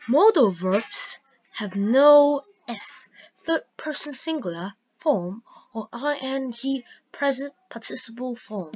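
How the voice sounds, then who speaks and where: A woman teaching a grammar lesson, reading example sentences aloud slowly and carefully. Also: on the high side. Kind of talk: slow grammar lesson narration. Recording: dull lo-fi recording.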